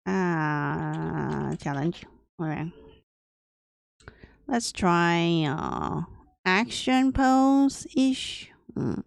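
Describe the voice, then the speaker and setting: Slow, gravelly woman with put-on grandma voice. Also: fairly low pitch, animated, no room sound, studio quality. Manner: deliberately aged, grandma-like voice; thinks aloud in short broken phrases. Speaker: artist streaming her drawing process. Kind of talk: casual livestream commentary while drawing.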